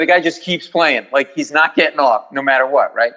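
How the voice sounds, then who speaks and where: A middle-aged man, a comedian, telling stories as a podcast guest in a lively way and acting out the other people's voices. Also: mid-range voice, brisk, few pauses, poor audio. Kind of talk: podcast storytelling.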